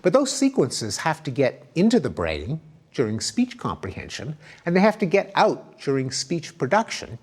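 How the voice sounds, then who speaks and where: A man's voice: on the high side, wildly swooping pitch, moderate pace, husky. A middle-aged man giving a recorded academic lecture, explaining ideas and demonstrating sounds aloud with emphatic intonation.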